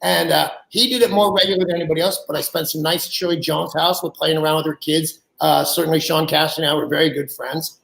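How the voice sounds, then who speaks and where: A man in his sixties, a guest, telling animated anecdotes and acting out the people he quotes. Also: on the high side, quick pace, vocal fry, few pauses, reverberant, rough recording. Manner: animated storyteller who acts out quoted people, laughs mid-story. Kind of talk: anecdotal storytelling.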